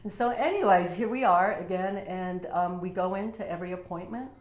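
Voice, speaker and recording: Low-voiced woman rambling in a roomy home. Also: a little fast. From Utah. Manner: rambling, heartfelt, with many fillers. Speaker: vlogger sharing a personal story. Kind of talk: casual personal monologue. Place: her home. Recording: roomy echo.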